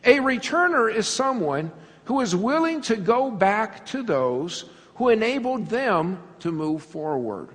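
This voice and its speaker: A man preaching a sermon, an animated storyteller who laughs often and acts out little scenes. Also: sits high, unhurried, long reverb tail. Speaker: pastor.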